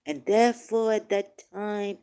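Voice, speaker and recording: A woman hosting a casual livestream, reading scripture passages aloud and commenting on them emotionally, swinging from quiet musing to emphatic outbursts. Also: mid-range voice, fairly even intonation, unhurried, clean tone. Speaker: online talk host.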